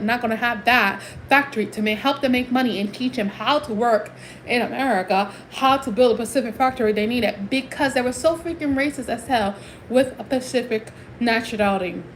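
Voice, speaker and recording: A woman's voice: on the high side, fairly quick, a little hiss or hum, rough recording. A woman from Puerto Rico ranting emphatically in a casual livestream, switching between English and Spanish.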